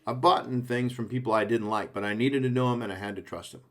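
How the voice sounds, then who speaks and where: A man's voice: medium pitch, quick pace, fairly bright tone. A man coaching a sales team, speaking in short punchy phrases and checking in with the listener often. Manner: punchy, coaching, frequent "okay?" check-ins. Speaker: sales trainer. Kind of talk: sales training talk.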